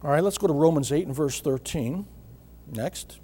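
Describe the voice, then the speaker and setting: A man preaching a sermon in an earnest way, repeating key words and often clearing his throat. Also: on the high side, animated, moderate pace, warm tone.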